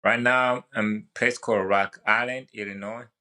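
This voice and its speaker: Young man, African accent, low bright voice, relaxed halting storyteller. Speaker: guest, wildland firefighter. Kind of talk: casual podcast conversation.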